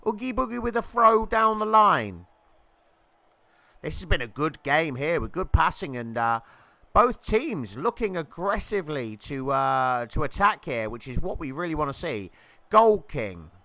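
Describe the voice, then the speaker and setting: A man doing jokey football-style commentary over a video game match, rising to shouts at near misses and goals. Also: on the high side, sing-song, measured pace, creaky, no echo.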